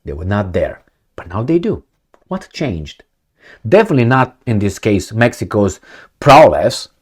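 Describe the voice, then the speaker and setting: A man's voice: lowish voice, sing-song, normal speed, slightly rough. Blunt opinionated male commentator. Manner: blunt, rhetorical questions, swings loud and soft. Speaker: political commentator.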